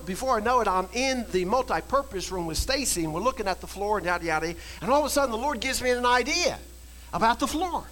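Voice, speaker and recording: A man preaching a sermon, telling a story and swinging from quiet storytelling to shouted exhortation. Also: sits high, a little hiss or hum, poor audio. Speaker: pastor.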